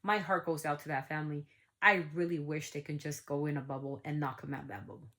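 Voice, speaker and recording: A middle-aged woman talks straight to her viewers in a casual vlog, earnest and preachy. Her voice sits on the low side, and she circles back over her points with emphasis. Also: fast, bright, forceful tone. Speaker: channel host, parent. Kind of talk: casual vlog talk to camera.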